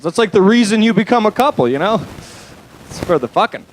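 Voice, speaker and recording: A man's voice: medium pitch, big pitch swings, normal speed, long pauses, poor audio. Rambling young man doing stand-up. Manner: loose, rambling delivery with frequent fillers and crude asides. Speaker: stand-up comedian. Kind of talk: stand-up comedy set. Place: comedy club stage.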